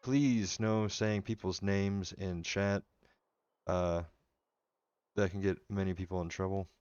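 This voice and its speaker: Man, very deep voice, smooth and clear, casual game-stream chatter, dry slightly dull mic. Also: takes it slowly, no echo. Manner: relaxed, rambling, chatting with viewers. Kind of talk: casual live-stream commentary. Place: home room.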